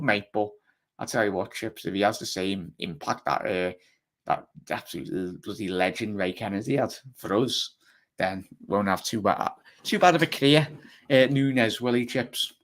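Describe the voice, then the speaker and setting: Chatty Liverpool-accented football host. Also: male voice, mid-range voice. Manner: chatty, fast, rambling with many fillers. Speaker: fan channel host. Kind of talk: live football chat reading viewer comments.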